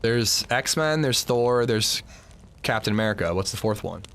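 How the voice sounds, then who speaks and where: A man's voice: lowish voice, expressive, measured pace, a bit bright. A man streaming a video game, chatting casually with friends in a rambling, restarting way and swearing often. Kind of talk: casual chat while gaming.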